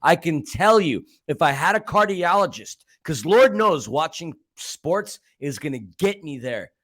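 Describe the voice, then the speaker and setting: Male podcast co-host, slightly high voice, dramatic storyteller with joking asides. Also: very animated, a little slow, a bit bright. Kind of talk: fan podcast match recap.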